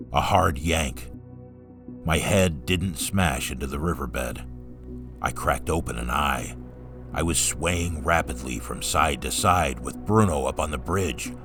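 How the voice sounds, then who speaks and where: A man reading a first-person story aloud in a calm, steady narrating voice. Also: rumbling low.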